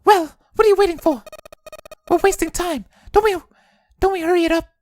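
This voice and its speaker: A woman voicing a bossy, impatient adult woman in a curt, high falsetto. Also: fairly quick, a little mellow, a little hiss or hum.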